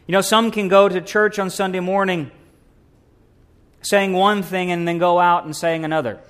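A man's voice: high voice, fairly even intonation, normal speed, fairly bright tone. A middle-aged man, preaching a sermon in a church with rising emphasis and rhetorical questions. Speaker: pastor. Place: church sanctuary.

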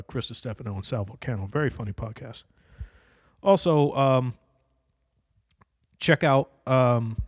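A young man talks alone on his podcast, swearing constantly and wandering from one thought to the next. His blunt delivery comes through a stand-up comedy mic in a dry, dead-sounding room. His pitch sits at an ordinary middle height. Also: no room sound. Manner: profane, rambling, blunt. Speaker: podcast host. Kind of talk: casual solo podcast monologue. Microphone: handheld stand-up comedy mic on a stand.

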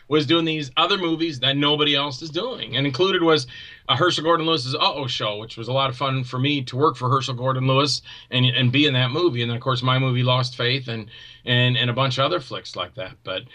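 A man talking as a guest filmmaker in casual chat, an animated storyteller who acts out quoted voices loudly. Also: a little high, rough recording.

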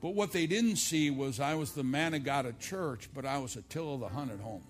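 A middle-aged male pastor preaching a televised church sermon, telling stories and moving from loud, emphatic lines to low, quiet asides. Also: a little fast, faint music behind. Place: church service filmed for television.

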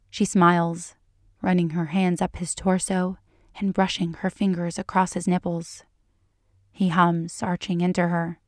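A woman narrating fan fiction aloud in a measured, even storytelling manner. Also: fairly low pitch, no echo, clean studio sound.

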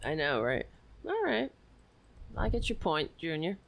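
Speaking at a measured pace, the woman has a low, creaky voice with huge swings in pitch. It's a livestream where she hosts a casual political rant on a close mic, full of profanity and sarcasm.

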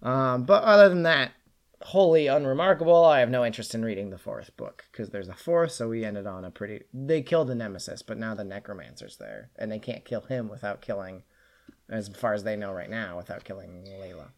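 A man's voice: lowish voice, lively intonation, brisk. A young man co-hosting a podcast, chatting loosely about books with lots of filler words. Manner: rambling, full of "like" fillers. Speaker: podcast co-host. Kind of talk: casual book chat.

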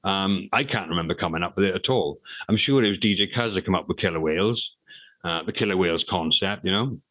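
A man's voice: sits low, a little fast, a bit bright, no room sound, low-quality recording. A middle-aged man, telling stories in a casual interview, rambling with restarts and swearing freely. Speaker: interview guest, rapper.

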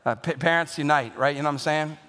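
A middle-aged man preaching a Mother's Day sermon in a self-deprecating, joking way, halting often with fillers. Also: fairly high pitch, a bit bright, big-room sound. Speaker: pastor.

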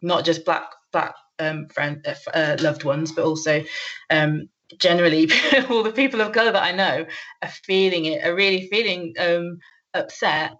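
A woman's voice: lowish voice, a bit bright. Hesitant woman, muffled audio. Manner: hesitant, many pauses and ums, nervous laughs. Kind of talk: casual chat. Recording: muffled lo-fi recording.

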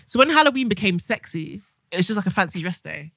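A young woman, co-hosting a podcast and telling stories with animated acted-out quotes. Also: medium pitch, fast talker, creaky, no room sound, studio quality. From England. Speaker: podcast co-host. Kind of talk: casual chat.

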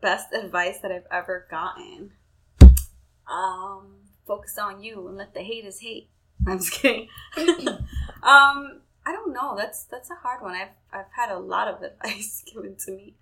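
A woman's voice: medium pitch, a little slow, pushed and bright, low-quality recording. A young woman in casual, candid chat who swears freely and acts out quoted conversations.

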